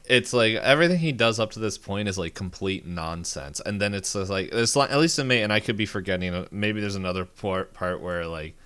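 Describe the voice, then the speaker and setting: A man's voice: fairly low pitch, fairly quick, hardly any pauses, pushed and bright, clear, resonant tone. A man co-hosting a podcast, talking casually and rambling with lots of filler words and restarts. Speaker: podcast co-host. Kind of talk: casual chat.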